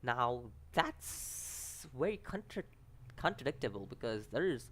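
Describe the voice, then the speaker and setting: A man with a non-native English accent, casually reviewing an anime episode, rambling and animated, stumbling over names and restarting sentences. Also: mid-range voice, measured pace, clean tone.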